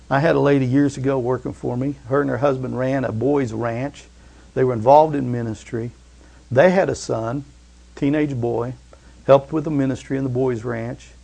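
A man preaching a sermon who tells stories and often calls out amen, swinging between loud fervor and hushed softness. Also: mid-range voice, vocal fry, slightly rough. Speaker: pastor.

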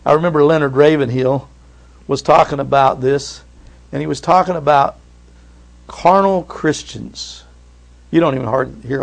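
Earnest male pastor, sermon delivery, slightly high gravelly voice, repeats words, swings between loud and soft. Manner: rises and drops sharply in pitch and loudness.

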